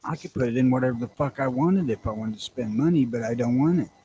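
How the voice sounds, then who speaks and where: A man's voice: mid-range voice, fast, dark tone, slight background noise, poor audio. A man co-hosting a casual podcast, blunt and profane, teasing his co-host.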